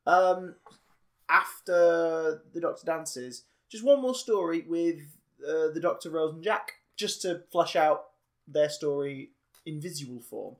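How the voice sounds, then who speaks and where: A man's voice: a little high, slow pace. A man co-hosting a casual podcast, rambling along and swearing offhandedly. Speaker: podcast co-host.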